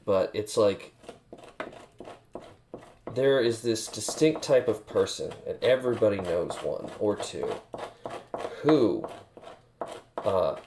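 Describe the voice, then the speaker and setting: Gravelly low-voiced man, crude banter. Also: noisy background. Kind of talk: casual chat while working.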